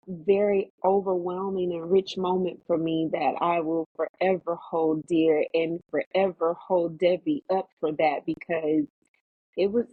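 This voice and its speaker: Woman, actress guest, animated storyteller, husky low voice, tinny phone-like line, dry sound. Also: no room sound. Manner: animated storyteller, acts out quotes in a higher voice. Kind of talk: casual storytelling interview.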